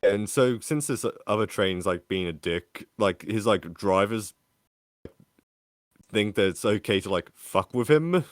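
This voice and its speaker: A man's voice: fairly low pitch, lively intonation, a little slow, no echo, studio quality. A man, a podcast co-host telling a story in casual chat, rambling and full of filler words. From Australia.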